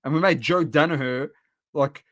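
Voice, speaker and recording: A man with an Australian accent co-hosting a casual sports podcast, animated and laughing as he rants about footy. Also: a little high, moderate pace. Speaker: podcast co-host.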